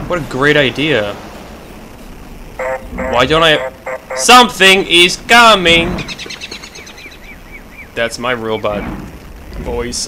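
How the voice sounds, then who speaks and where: A man giving profane, excitable commentary while playing a video game, swinging between shouted outbursts and low muttering. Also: background noise. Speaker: let's play gamer. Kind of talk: gaming commentary.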